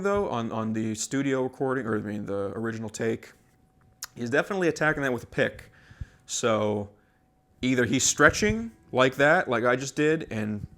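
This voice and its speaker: A man's voice: medium pitch, fairly bright tone. A man walking through a guitar solo in a casual lesson, rambling with many fillers and restarts, a bit out of breath. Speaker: guitar teacher.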